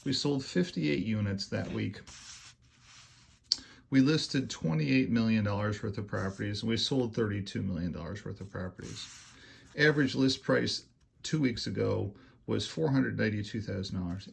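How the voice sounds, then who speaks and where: A man's voice: fairly low pitch, gravelly, slight background noise. A man giving a casual market update as a real estate agent, emphatic and repeating his numbers, speeding up when he makes a point. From Canada. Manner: emphatic, repeats figures, gets louder and faster when making a point.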